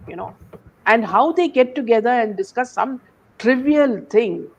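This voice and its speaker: A woman's voice: fairly high pitch, expressive, a little slow, dull audio. A woman hosting an opinionated commentary chat, talking in a scornful, rambling way full of "you know" fillers. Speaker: host.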